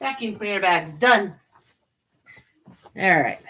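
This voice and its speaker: Unhurried chatty woman on a live stream. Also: medium pitch, lively intonation, very noisy. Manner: chatty, baby-talks to her pets. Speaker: online seller. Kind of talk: casual live-stream chat.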